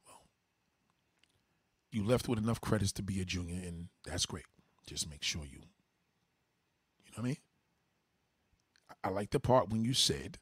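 A man hosting a casual livestream. He tells stories in a loud, profane, animated way. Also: medium pitch, normal speed, pauses often, slightly rough, dry recording. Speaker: livestream host.

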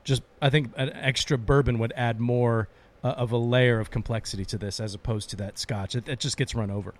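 A man's voice: mid-range voice, fairly even intonation, fairly quick. A man co-hosting a casual cocktail tasting show, talking loosely and chattily. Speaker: co-host.

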